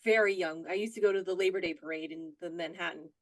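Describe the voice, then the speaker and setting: Woman player, relaxed and playful, close dry sound. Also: fairly low pitch, dry recording. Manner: playful, quick to laugh. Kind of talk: casual chat.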